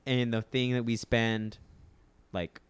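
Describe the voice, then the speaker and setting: A man's voice: mid-range voice, little pitch movement, slow pace, clear, resonant tone, no echo. A man co-hosting a comedy podcast, joking around in goofy, playful banter. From Pacific Beach, California. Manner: goofy, playful, repeats silly made-up phrases. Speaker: podcast co-host.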